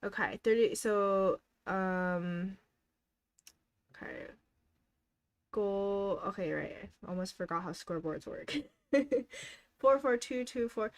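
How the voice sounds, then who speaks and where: Speaking slowly and pausing often, a young livestream host with a mid-range voice keeps things casual. She reads viewers' goals aloud, cheers them on warmly, and frequently giggles between comments.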